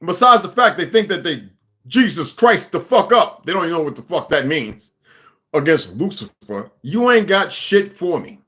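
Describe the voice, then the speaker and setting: A man's voice: high-pitched, big pitch swings, moderate pace, fairly bright tone. A man hosting a livestream, ranting at a viewer in an aggressive, profane, confrontational way. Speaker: livestream host. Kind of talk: angry livestream rant.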